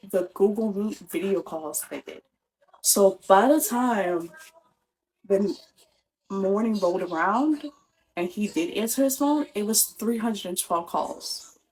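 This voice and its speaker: Sounding exasperated and casual, a young woman recounts something that happened to her, often starting sentences over and filling them with "like." Her voice sits in the mid range, captured on a low-quality recording.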